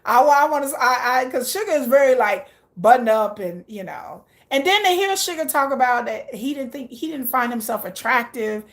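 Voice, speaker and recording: Woman vlogger, slightly high-pitched, excitable casual chatter, laughs a lot. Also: fairly quick, hardly any pauses. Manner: reacts aloud to viewer comments. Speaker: K-pop vlogger. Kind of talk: casual chat.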